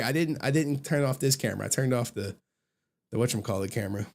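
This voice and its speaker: Hosting a livestream, a young adult man talks fairly quickly in a medium-pitched voice during casual chat. He curses freely, laughs a lot, and spins his stories with animation.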